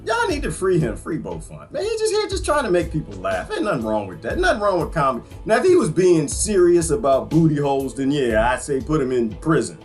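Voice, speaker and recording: A middle-aged man delivers a casual political rant, sliding up and down in pitch. His voice sits a bit high for a man, and he keeps joking and laughing as he talks. Faint music plays underneath. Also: brisk, few pauses. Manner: animated, joking, laughs often, Southern US slang. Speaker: vlogger.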